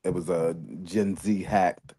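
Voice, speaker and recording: A man co-hosting a casual wrestling podcast, talking in a laid-back, halting way with many fillers. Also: deep voice, fairly even intonation, mellow, slightly rough. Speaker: podcast co-host.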